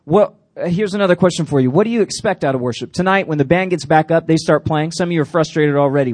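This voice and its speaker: Animated high-voiced youth pastor. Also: male voice, fast, hardly any pauses, no echo. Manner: animated, playful asides to the crowd. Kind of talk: youth sermon.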